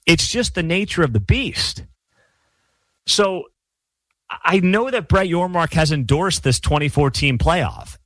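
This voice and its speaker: A man's voice: a little high, a bit bright, no echo. A middle-aged man hosting his own sports channel, delivering an emphatic, opinionated monologue with sarcastic asides.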